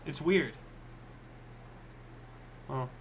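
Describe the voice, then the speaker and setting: A man's voice: medium pitch, drawn-out words, slight background noise. A man co-hosting a history show, chatting casually and thinking aloud as he reads. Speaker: co-host.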